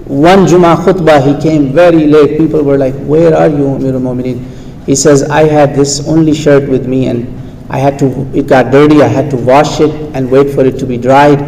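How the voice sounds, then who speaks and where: A man preaching a sermon to an audience, telling stories with animated delivery and acting out the quoted voices. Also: medium pitch, moderate pace. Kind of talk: sermon storytelling. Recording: reverberant hall with faint background noise.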